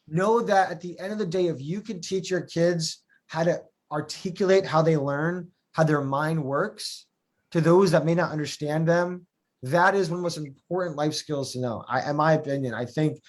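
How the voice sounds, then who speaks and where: A man hosting a live interview show, with his voice pitched a little high. He speaks emphatically and often underlines his own views. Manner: emphatic, shares strong opinions. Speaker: host of a live talk show. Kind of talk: conversational interview.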